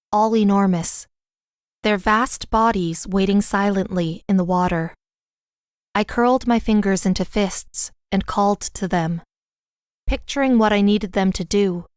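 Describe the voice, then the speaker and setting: A woman narrating a fantasy audiobook in the first person, with a smooth, clear reading voice. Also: mid-range voice, no echo, studio quality.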